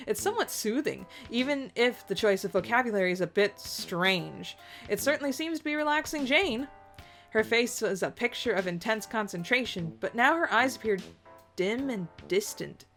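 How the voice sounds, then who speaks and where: A woman's voice: on the high side, fairly bright tone. Young woman, game reader and commentator, chatty, giggly, faint music behind. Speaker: let's play host. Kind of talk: reading and commenting on a visual novel game.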